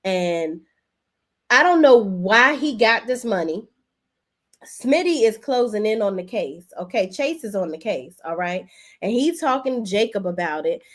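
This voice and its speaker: Woman doing a chatty soap recap live, talks right to her chat, casual and animated, black vibe. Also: medium pitch, a little slow. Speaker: host.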